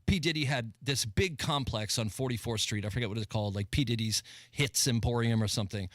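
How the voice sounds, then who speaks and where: A man's voice: mid-range voice, brisk, a bit bright, no echo. A man guest co-hosting a radio talk show, telling anecdotes in casual chat and laughing between lines. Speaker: guest co-host. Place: radio studio.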